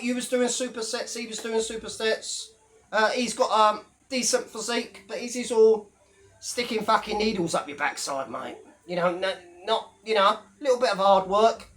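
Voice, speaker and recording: A man whose voice sits high with a fairly bright tone talks straight to camera as a YouTube commentator. His casual monologue is a mocking rant full of swearing.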